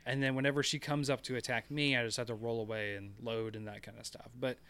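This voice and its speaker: A man's voice: mid-range voice, little pitch movement, fast, pushed and bright, clear, resonant tone. A man chatting casually on a gaming podcast, rambling through stories with lots of fillers and restarts. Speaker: podcast co-host.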